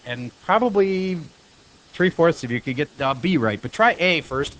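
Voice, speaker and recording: A man teaching a high school math class, lecturing in a chatty way and firing quick questions at his students. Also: expressive, fairly bright tone, low-quality recording.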